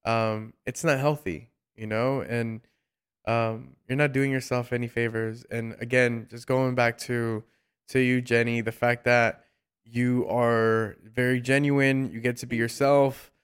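A man's voice: mid-range voice, little pitch movement, a little slow, clean tone. A man hosting a casual interview, praising his guest and talking in loose sentences with many fillers and repeated words. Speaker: host.

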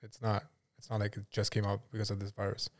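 A man's voice: fairly low pitch, completely flat delivery, fast, a little mellow, dry recording, clean studio sound. A man co-hosting a podcast in casual chat, matter-of-fact, correcting the others with numbers. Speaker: podcast co-host.

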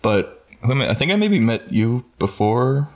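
A man's voice: mid-range voice, sing-song, normal speed, darkish tone. A man in his thirties from Florida, a podcast guest, chatting in a laid-back way with wry quips. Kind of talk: casual chat.

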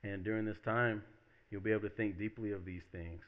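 A man preaching a relaxed, conversational sermon as pastor, acting out quoted voices as he talks. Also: on the low side, a little fast, narrow, tinny audio. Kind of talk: casual sermon.

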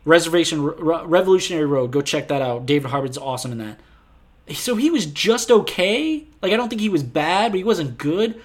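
A man's voice: a little high, lively intonation, brisk. Man, casual podcast co-host; exasperated, profane ranting, voice swinging up and down a lot. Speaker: podcast co-host reviewing a film. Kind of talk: casual chat.

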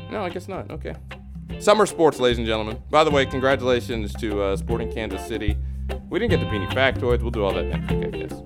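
A man hosting a sports podcast in loose, joking banter. His pitch swings widely as he plays up mock despair and hurried goodbyes. A faint bit of music sits underneath. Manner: animated, mock-dramatic groans and sign-offs. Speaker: host.

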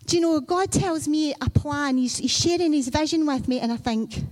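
High-voiced woman preaching conversationally. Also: moderate pace, a little mellow. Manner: conversational storytelling, acting out children and Bible figures. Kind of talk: sermon.

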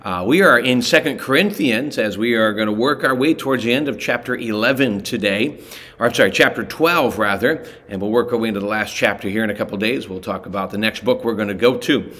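A man teaching a relaxed daily Bible study, talking conversationally and often stopping to correct himself. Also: fairly low pitch, a little fast.

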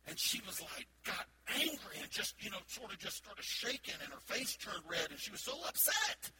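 A man's voice: sits high, animated, fast, very noisy. A man with a Southern American accent, a pastor giving a chatty sermon that asks the congregation questions. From Southern United States.

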